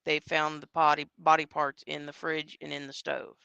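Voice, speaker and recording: Guy w a kinda high gravelly voice, rambling ghost story as a psychic guest, lots of ums. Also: completely flat delivery, normal speed, sharp tone, dry recording, dull audio. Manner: rambling retelling with many fillers and quoted dialogue. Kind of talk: casual storytelling.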